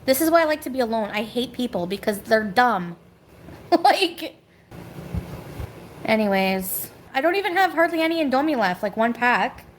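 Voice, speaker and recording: A woman's voice: on the high side, very animated, moderate pace, a little hiss or hum, rough recording. A woman venting on a live stream from her home, rambling and bitter, snapping back at people in the chat. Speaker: livestreamer. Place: home kitchen.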